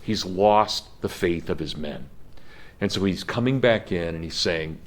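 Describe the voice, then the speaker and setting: A middle-aged man giving a history lecture in a classroom, telling the story with animated emphasis. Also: low voice, measured pace. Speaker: history professor.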